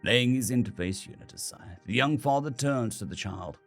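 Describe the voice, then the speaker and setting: A man reading a story aloud in an expressive, scripted narration. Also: medium pitch, normal speed. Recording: faint background music.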